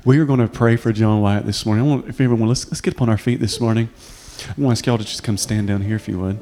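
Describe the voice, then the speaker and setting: Mellow-voiced pastor leading prayer. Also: male voice, lowish voice, fairly even intonation, fast. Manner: gentle, inviting, repetitive in prayer.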